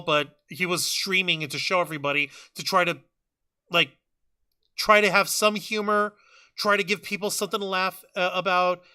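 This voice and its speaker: A man's voice: fairly high pitch, sharp tone, clear, resonant tone. A male podcast host talking casually on a live show, rambling with many fillers and restarts. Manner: rambling, many fillers and restarts, then rapid scripted sign-off.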